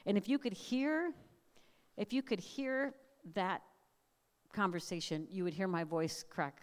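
A middle-aged woman speaking at a family camp, preaching earnestly in measured phrases and sharing personal testimony. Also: mid-range voice. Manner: earnest, prayerful, measured cadence with emphatic repeated lists. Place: large hall. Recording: long hall reverb.

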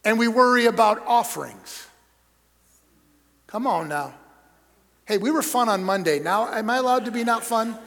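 Man, middle-aged, pastor, sermon, high voice, loud emphasis and soft storytelling, long church-hall reverb. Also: animated, normal speed, creaky, pauses often. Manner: conversational and joking, swinging between loud emphasis and soft storytelling. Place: church sanctuary.

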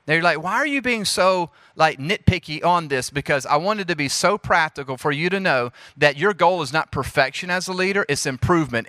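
A man in his thirties with a Southern US accent, giving a lively, preacherly leadership talk to a youth group and speaking straight to the audience. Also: fairly high pitch, dry recording, clean studio sound. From Jackson, Mississippi.

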